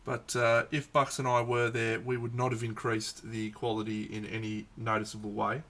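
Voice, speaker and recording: A man's voice: medium pitch, completely flat delivery, normal speed, a bit bright. A man with an Australian accent, chatting casually while painting miniatures on a live stream, joking with a mate. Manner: joking, laid-back banter with a mate.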